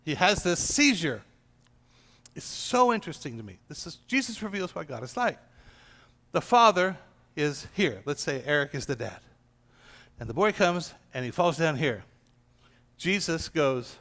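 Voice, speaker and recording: A man's voice: a little high, very animated, moderate pace, creaky, fairly bright tone. A man leading an informal church gathering as pastor, telling a Bible story and acting out the quoted lines. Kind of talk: informal teaching to a small gathering. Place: church room. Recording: long hall reverb.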